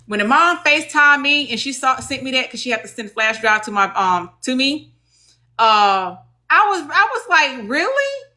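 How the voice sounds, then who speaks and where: A woman with a Southern US accent hosts a casual livestream about legal advocacy, speaking directly to her viewers in a chatty, folksy way. Her voice is fairly high, bright, and forceful, at a normal speed.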